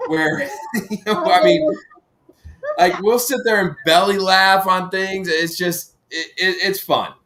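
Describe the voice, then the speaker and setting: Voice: mid-range voice, slow pace, fairly bright tone, a little hiss or hum. A co-host in a casual live-stream chat, giggling through stories.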